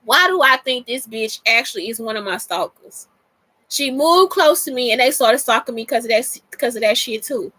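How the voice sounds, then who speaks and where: Blunt, foul-mouthed woman host, bright voice. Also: on the high side, expressive, normal speed, dry recording. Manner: blunt and profane, talks straight to listeners. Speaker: podcast host. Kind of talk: casual monologue answering listener questions.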